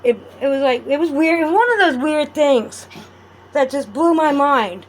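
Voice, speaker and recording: A woman's voice: sits high, expressive, normal speed. A woman chatting casually to her viewers while crafting at home, rambling and friendly. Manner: rambling, chatty, talks to viewers warmly as "adorables". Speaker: vlogger.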